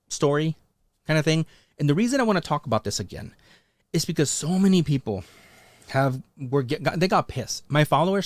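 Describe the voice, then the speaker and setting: Talking directly to his followers and challenging them, a man hosts a casual commentary vlog. He rambles with lots of fillers and restarts, and his pitch climbs on emphatic points; the recording has no room sound.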